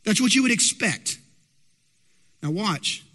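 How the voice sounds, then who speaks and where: High-voiced preacher in a reverberant hall. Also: male voice, expressive, slow pace, sharp tone. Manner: emphatic, asks the congregation rhetorical questions. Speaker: pastor. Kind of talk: sermon.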